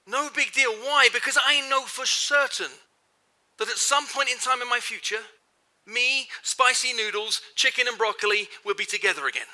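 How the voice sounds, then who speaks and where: His voice is extremely high, brisk, bright, and forceful as this middle-aged keynote speaker motivates a live audience in a large hall. He speaks emphatically, repeats phrases for effect, and fires questions at the crowd.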